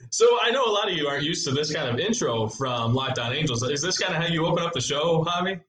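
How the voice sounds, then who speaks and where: A man co-hosting a sports podcast in relaxed, joking casual chat. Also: a little high, fast talker. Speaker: podcast co-host. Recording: roomy sound with faint noise.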